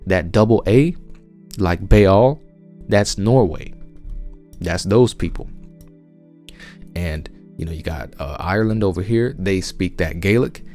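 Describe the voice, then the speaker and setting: Southern US man, very low voice, insistent podcast preacher, faint music behind. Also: takes it slowly, pauses often, darkish tone. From United States. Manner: emphatic, insistent, frequent restarts. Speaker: religious podcast host. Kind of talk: conversational Bible teaching.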